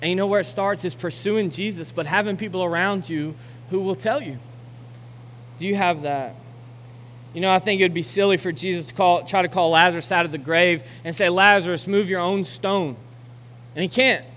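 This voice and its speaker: A young adult man preaches a sermon in a church auditorium, his voice set fairly high. He climbs into loud, urgent exhortation, then eases into a quiet, reflective close. Long hall reverb trails each phrase over faint background noise. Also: fairly even intonation, a little fast. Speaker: pastor.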